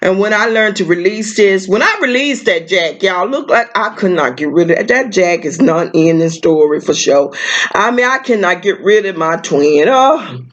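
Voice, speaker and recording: A woman's voice: medium pitch, lively intonation, normal speed. A woman giving a casual tarot reading to her viewers, emotional and repetitive, calling them baby and girl and laughing often. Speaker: tarot reader.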